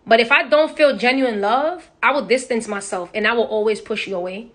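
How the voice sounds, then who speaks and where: A woman's voice: a little high, brisk, fairly bright tone. A young woman chatting bluntly and with profanity on a phone livestream. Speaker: social media personality. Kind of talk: casual livestream chat. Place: indoors, on a live stream.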